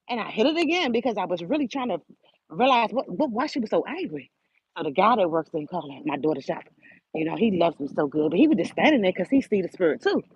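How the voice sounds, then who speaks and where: Older woman, host, husky, dry close sound, animated preachy storytelling. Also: medium pitch, fast, no room sound. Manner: animated, preachy, addresses listeners directly. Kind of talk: casual spiritual storytelling. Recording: dull lo-fi audio.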